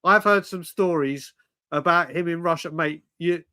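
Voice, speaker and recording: Animated bloke saying "mate" a lot. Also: male voice, fairly high pitch, moderate pace. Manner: animated storyteller, says "mate" constantly, swears. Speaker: co-host. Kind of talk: casual live-stream banter.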